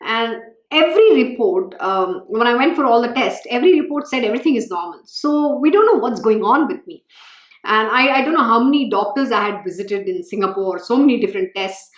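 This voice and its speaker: A woman's voice: on the high side, brisk. A woman, reading from a scripture and telling her own story in an earnest, storytelling way. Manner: earnest, storytelling, animated when recalling her own feelings. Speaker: spiritual teacher reading and expounding scripture. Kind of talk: scripture reading with personal commentary. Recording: echoey room.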